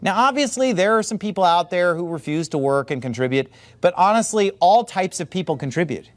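A man preaching a sermon in an informal, animated way, full of asides to the room and quick mimicry. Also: sits high, no echo. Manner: informal filler-heavy delivery.

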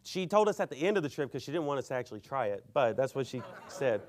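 A man's voice: medium pitch, very animated, quick pace. A man preaching a sermon and telling a story, rambling and filling his speech with "you know".

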